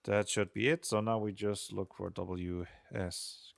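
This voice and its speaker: This young game designer talks in a low, fairly even voice with vocal fry, a little slowly, as he streams his programming. His casual chat drifts into self-deprecating rambling punctuated by chuckles, with no echo on the recording.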